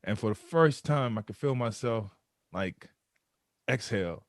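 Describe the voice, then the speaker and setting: A man, a podcast guest, telling a candid personal story in an animated way and acting out his own thoughts. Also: mid-range voice, unhurried, no room sound, clean studio sound.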